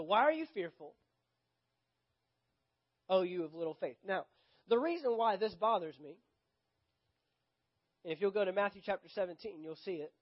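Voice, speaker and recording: Emphatic high-voiced Southern preacher. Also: male voice, muffled recording. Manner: emphatic, repeats key phrases, acts out scripture dialogue. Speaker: pastor. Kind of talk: sermon. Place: church sanctuary.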